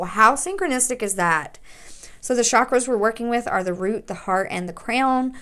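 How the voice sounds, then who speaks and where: Woman, tarot reader, recorded at home, slow and emphatic delivery, mid-range pitch. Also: a bit bright, clean tone. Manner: slow, emphatic, reading card messages aloud. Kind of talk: spiritual tarot reading to camera.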